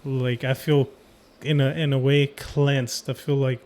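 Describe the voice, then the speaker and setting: A man's voice: medium pitch, flat delivery, unhurried, a little mellow. A man hosting a podcast, telling a personal story in a rambling casual way with many fillers. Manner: rambling, full of "um" and "like". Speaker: podcast host.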